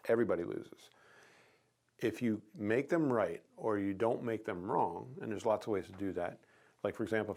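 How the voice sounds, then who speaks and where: A man's voice: fairly low pitch, creaky, darkish tone. A middle-aged man giving casual coaching on sales, telling stories and acting out quoted lines with animation. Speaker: chiropractic sales consultant.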